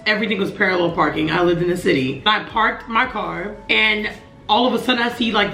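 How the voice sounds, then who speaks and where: A young woman in her twenties telling a personal story to camera, earnest and emotional, with halting restarts. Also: medium pitch, creaky, fairly bright tone, roomy sound. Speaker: vlogger.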